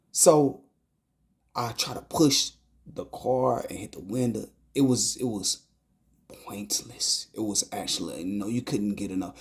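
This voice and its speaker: A man giving an emotional personal testimony about a dream. He talks haltingly, repeats phrases, stumbles over his words and sometimes drops to a hushed whisper. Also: on the low side.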